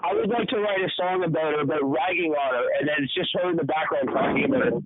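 A man co-hosting a podcast in casual chat, blunt and swearing with deadpan quips. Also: fairly high pitch, quick pace, a loud crowd. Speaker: podcast co-host. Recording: tinny phone-like sound.

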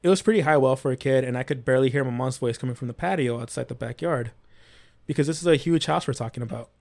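A man's voice: medium pitch, fast, creaky, a little mellow. Man reading eerie accounts aloud. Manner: reads stories aloud with small slips and restarts. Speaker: podcast host reading paranormal accounts. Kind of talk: casual storytelling podcast.

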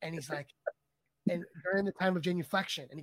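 Lively storytelling podcast co-host, dry sound. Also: male voice, sits high, fast, no echo. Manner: lively storyteller, laughs often. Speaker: podcast co-host and video editor. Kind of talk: casual podcast chat.

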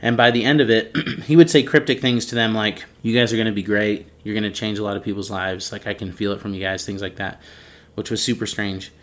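A man co-hosting a podcast, telling a story in a casual, animated way and acting out the people in it. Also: fairly low pitch, brisk. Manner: animated storyteller, acts out quoted voices. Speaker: podcast co-host.

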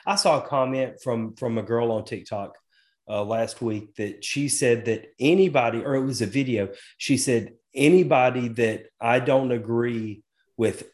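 A man's voice: medium pitch, moderate pace, darkish tone. A middle-aged man in a casual podcast chat, easygoing and folksy, talking in loose asides.

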